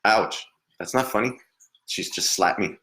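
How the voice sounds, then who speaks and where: A man working as a psychic medium, giving a live reading in a hesitant, halting way with frequent laughs. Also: fairly low pitch, sharp tone.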